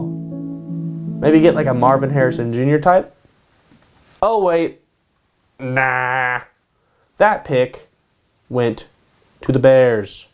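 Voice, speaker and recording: A man's voice: mid-range voice, very slow, pauses often, soft background music. A man hosting his own show, giving casual sports predictions in a hyped way, repeating his picks and tacking "baby" onto them. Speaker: host. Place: home in Kansas.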